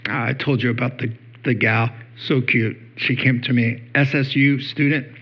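A man's voice: mid-range voice, steady tone, moderate pace, husky, dull audio. A male pastor giving a conversational sermon, telling stories with many fillers.

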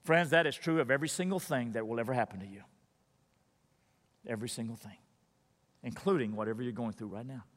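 A man preaching a sermon as a pastor, emphatic, building up loud then dropping to a hushed, prayerful voice. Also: mid-range voice, fast, long pauses. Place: church sanctuary. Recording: long reverb of a large hall.

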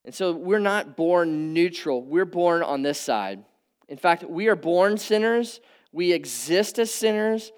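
A middle-aged man preaching a conversational sermon, swinging from emphatic peaks to quiet asides. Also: high-pitched, lively intonation, measured pace, clear, resonant tone. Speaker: pastor. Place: church hall with audience.

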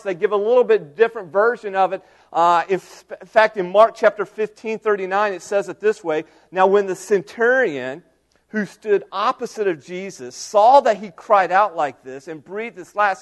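A middle-aged man preaching a sermon, telling the story with dramatic swings from loud cries to hushed, near-whispered lines. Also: sits high, moderate pace. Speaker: pastor.

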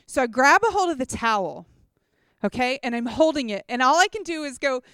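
Woman speaker, animated testimony-style teaching with props; high, crisp voice, dry close sound. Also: fairly quick, dry recording. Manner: chatty, animated storytelling with props; checks in with listeners often. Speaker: speaker at a church gathering.

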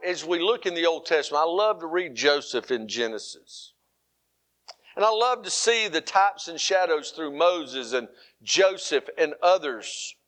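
A middle-aged male pastor preaching an animated sermon, moving between loud, emphatic lines and softer, quiet ones. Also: high-pitched.

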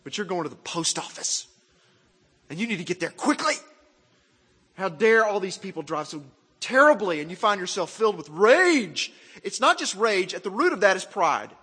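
A man from Arkansas, preaching a sermon in an animated, self-mocking way and asking the crowd questions. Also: high voice, moderate pace, husky, in a large hall. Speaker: pastor.

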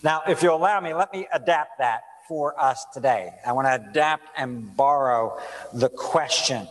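A man preaching a sermon as pastor, reading scripture, praying and asking his listeners rhetorical questions in a measured way. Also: mid-range voice. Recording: long reverb of a large room.

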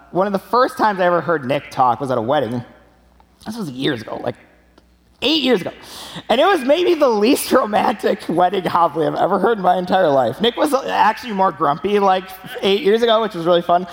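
A young man preaching a sermon in a church, telling stories with an animated, laughing delivery. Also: high-pitched, a little fast, in a large hall. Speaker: pastor.

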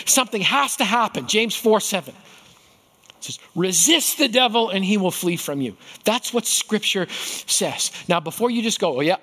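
A middle-aged pastor delivering a sermon with a notably high-pitched voice. He tells stories in an animated way and often slips into other people's voices to act them out.

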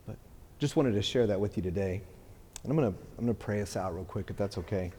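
A man's voice: on the low side, fast, warm tone, slightly rough. A middle-aged man preaching a sermon as a pastor, earnest, often repeating words and restarting phrases. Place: church hall. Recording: long reverb of a hall.

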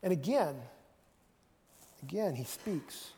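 A man's voice: a little high, expressive, unhurried, long pauses, warm tone, husky, in a large hall. A man preaching a sermon in a conversational way, often repeating phrases and acting out quotes.

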